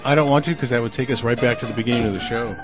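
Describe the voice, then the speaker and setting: A man's voice: mid-range voice, very fast, music in the background. A man co-hosting a radio show, telling stories and adding goofy asides. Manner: animated storyteller, goofy asides. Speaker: radio co-host. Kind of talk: casual on-air banter.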